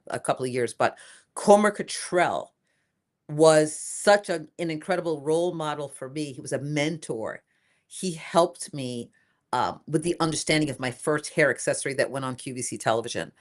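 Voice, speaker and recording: Older woman, low voice, emphatic and animated, casual interview guest. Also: normal speed. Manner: lively, emphatic, repeats phrases for emphasis. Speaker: inventor and guest.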